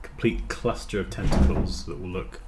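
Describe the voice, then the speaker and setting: A man's voice: low-pitched, normal speed, heavy background noise. A man chatting casually on a design livestream, rambling and muttering as he works. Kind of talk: casual livestream chat while editing.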